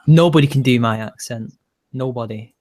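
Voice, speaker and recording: Man teasing in quick banter. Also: medium pitch, a little mellow. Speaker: podcast guest. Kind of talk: casual podcast chat.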